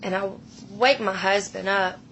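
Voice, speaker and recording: A woman in her thirties tells a frightening personal story slowly, her voice gravelly and bright. She speaks with emotion and often sinks to a hush. Faint noise sits behind her. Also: mid-range voice, fairly even intonation, poor audio. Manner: slow, hushed, emotional retelling that drops to whispers.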